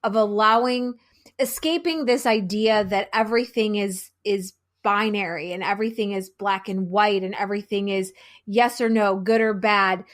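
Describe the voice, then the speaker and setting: A woman who is a guest on a podcast, speaking frankly and deliberately and swearing freely. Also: mid-range voice, fairly even intonation. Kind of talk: casual podcast conversation.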